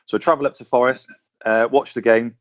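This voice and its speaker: A man telling a casual story on a podcast call in a measured way, carefully setting the scene. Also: medium pitch, fairly even intonation, lo-fi sound. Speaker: podcast guest.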